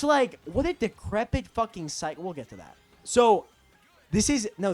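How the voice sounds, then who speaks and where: A young man rants through a personal story in a fairly high voice, swearing often and rambling off on side tracks. His delivery is agitated and casual, like a storytime vlog. Faint music plays under his voice. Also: darkish tone. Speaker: storytelling vlogger.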